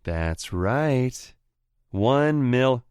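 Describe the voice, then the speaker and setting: A man putting on a higher, shouting, taunting rival. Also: lively intonation, extremely slow, clean tone, no echo, studio quality. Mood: gloating. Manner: mocking, shouting, cackling. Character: desperate taunting male rival on a phone call.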